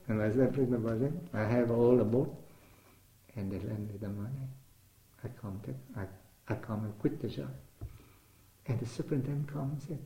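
An older man with a Vietnamese accent tells his life story in English, his second language. His voice is mellow and dark, and it sounds roomy and echoey. He acts out the dialogue as he goes and stumbles over repeated words. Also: mid-range voice, normal speed, gravelly, dull audio. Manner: animated, acts out remembered dialogue, repeats words while searching. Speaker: interviewee. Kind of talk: storytelling in conversation. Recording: roomy echo.

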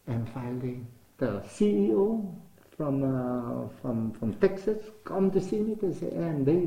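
An older Vietnamese man speaks English as a second language with a Vietnamese accent, his mellow, medium-pitched voice carrying some vocal fry. As an interviewee, he recounts his life story conversationally, acting out remembered dialogue and repeating words while searching for them. The recording has a roomy echo.

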